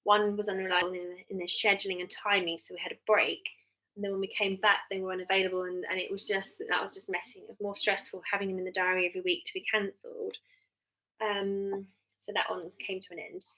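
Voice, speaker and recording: English mum on a live stream, thirties, bright tone, rambling and chatty with lots of ums. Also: female voice, mid-range voice, little pitch movement, fast talker, poor audio. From England. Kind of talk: casual live-stream chat. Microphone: webcam or phone mic on a live stream.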